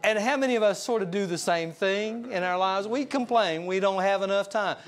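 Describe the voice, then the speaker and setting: A man's voice: sits high, normal speed, soft background music. A middle-aged man preaching to his congregation, folksy and full of joking asides. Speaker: pastor. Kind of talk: sermon. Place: church sanctuary.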